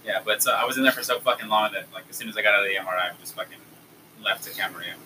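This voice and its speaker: A young man telling friends about his day in an animated, swearing way. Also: lowish voice, racing. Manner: animated, profane complaining. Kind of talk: casual chat. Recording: distant mic, faint background noise.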